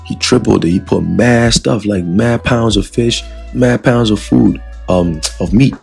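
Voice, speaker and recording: A man's voice: lowish voice, measured pace, creaky, a little mellow, slightly rough, soft background music. A man giving a casual, rambling spoken testimony and scripture lesson to his religious group. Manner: casual and rambling, with many fillers.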